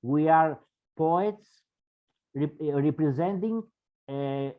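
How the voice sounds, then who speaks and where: Halting man, slow, lo-fi call. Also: a little high. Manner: halting, with many fillers and restarts. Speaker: participating poet. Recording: dull lo-fi video call audio.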